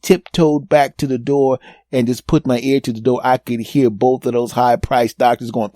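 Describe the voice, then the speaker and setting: Podcast host, man, fifties, warm mellow tone, dry close sound, rambling self-mocking storyteller. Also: medium pitch, normal speed, no echo. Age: 50s. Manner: animated, rambling, self-mocking, repeats words for emphasis. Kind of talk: comedic storytelling monologue.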